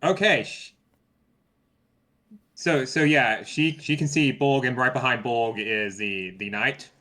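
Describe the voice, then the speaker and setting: A man's voice: medium pitch, takes it slowly, pushed and bright. A man playing a tabletop role-playing game, narrating his character's actions hesitantly, with many restarts. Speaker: player.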